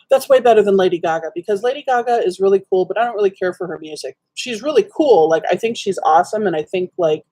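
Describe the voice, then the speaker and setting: A woman's voice: on the low side, darkish tone. A woman chatting casually to her viewers in front of a webcam at home, telling a rambling story padded with lots of ums and likes. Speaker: livestream host. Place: dim room at home.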